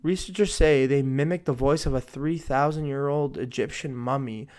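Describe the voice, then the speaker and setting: A man in his twenties offers casual solo commentary on news stories at a moderate pace in a slightly mellow voice. He rants profanely, swinging from low muttering to sudden outbursts.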